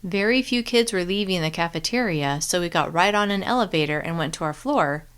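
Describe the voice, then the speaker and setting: Woman narrator, audiobook reading, first person, slightly low voice, steady clear delivery. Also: moderate pace, hardly any pauses.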